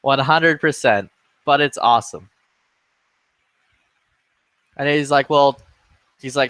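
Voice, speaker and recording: A man's voice: medium pitch, normal speed, fairly bright tone, smooth, no echo. A man chatting casually in a game lobby, telling a rambling story with lots of swearing and acted-out quotes. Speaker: gaming streamer.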